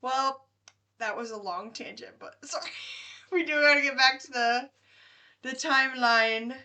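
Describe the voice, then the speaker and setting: A woman's voice: sits high, unhurried, pushed and bright. A woman in her late twenties co-hosting a podcast, chatting casually, laughing easily and saying "like" a lot. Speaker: podcast co-host. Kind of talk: casual chat.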